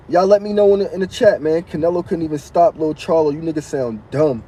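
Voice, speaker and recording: A man's voice: a little high, brisk, hardly any pauses, mellow, breathy edge, rough recording. A man hosting a casual live stream, reading viewers' comments aloud and answering them in loose, slangy street talk.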